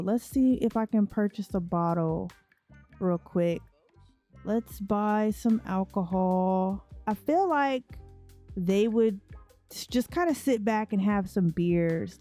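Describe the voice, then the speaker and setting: Woman, unhurried let's play chatter, mellow tone, faint music behind. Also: mid-range voice. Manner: chatty, talks to her characters. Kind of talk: casual gameplay commentary.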